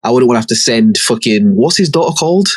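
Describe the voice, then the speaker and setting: A man's voice: mid-range voice, expressive, fast, a little mellow, no room sound. A man chats on a podcast, retelling scenes and jumping into the characters' lines with slang and swearing. His voice sits mid-range and sounds dry and close to the mic. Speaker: podcast co-host. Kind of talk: casual chat, retelling a TV episode.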